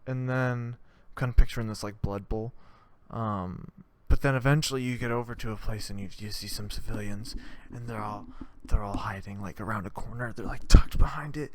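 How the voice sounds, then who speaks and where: A man's voice: on the low side, normal speed, a little hiss or hum. A man hosting a podcast, delivering a rambling, profane comedic monologue in which he acts out scenes. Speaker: podcast host.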